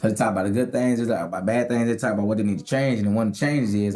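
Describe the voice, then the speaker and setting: Fast-talking man telling stories. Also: on the low side. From Tennessee. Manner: animated, acts out other people's voices, swears freely. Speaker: guest comedian. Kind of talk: casual storytelling.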